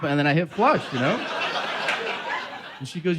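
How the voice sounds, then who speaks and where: A man's voice: medium pitch, lively intonation, fairly quick. Crude, self-mocking male stand-up comic. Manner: crude, self-deprecating, acts out conversations. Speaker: stand-up comedian. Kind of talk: stand-up comedy set. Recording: noisy live club recording. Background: audience laughter.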